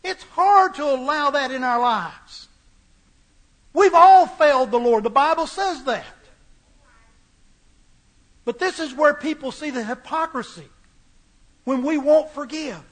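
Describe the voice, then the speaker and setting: A man preaches a sermon with a very high, bright voice. He builds his points through emphatic repetition, returning to the same phrases again and again. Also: unhurried, long pauses.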